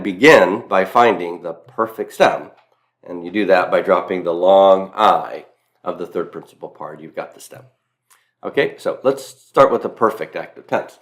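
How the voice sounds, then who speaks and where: A man from Mississippi with a Southern accent, giving a recorded grammar lecture as a teacher, stressing and repeating key points with self-deprecating asides. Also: sits low. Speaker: Latin teacher.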